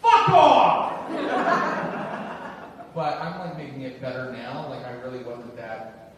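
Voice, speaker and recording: A man's voice: medium pitch, normal speed. A man doing a stand-up comedy set on a theater stage, self-deprecating, acting out the people in his stories. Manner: self-deprecating, acts out shouted quotes. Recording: roomy hall from a distance, noisy. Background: audience laughter.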